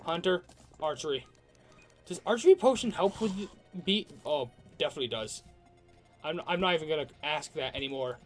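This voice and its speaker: Excitable let's play commentator. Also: medium pitch, a little fast, soft background music. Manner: excitable, talks to enemies, frequent outbursts. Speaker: gamer commentating own playthrough.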